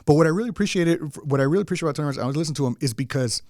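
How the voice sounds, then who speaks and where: A man's voice: on the high side, lively intonation, rapid-fire, a little mellow, no room sound, clean studio sound. A man, a guest in a casual interview, talking earnestly in a rambling way with frequent restarts. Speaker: guest, general contractor.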